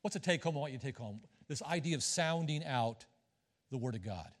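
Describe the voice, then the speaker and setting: A man's voice: medium pitch, lively intonation, fairly quick. A middle-aged man preaching a sermon as a visiting missionary, folksy and joking with the congregation. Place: church sanctuary. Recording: long reverb of a church hall.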